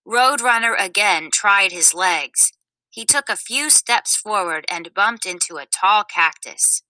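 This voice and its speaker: A woman reading a children's story aloud in a clear, expressive way. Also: mid-range voice, unhurried, no echo, low-quality recording. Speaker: storybook narrator.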